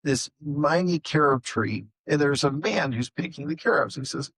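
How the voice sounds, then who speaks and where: A man on a conference panel with a somewhat husky voice, retelling a story in a halting but lively way, full of ums and restarts. His voice is recorded close and dry. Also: on the high side, no room sound, low-quality recording. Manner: halting, animated storyteller with many fillers. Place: conference session room.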